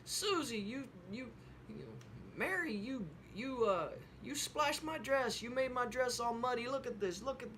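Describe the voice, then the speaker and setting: A woman's voice: on the high side, animated, a little slow, a bit bright, slight background noise, pitched above the performer's own voice. A man voicing an upset little girl whose dress got muddy, stammering and whining about it. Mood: whiny upset. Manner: whiny, stammering complaint.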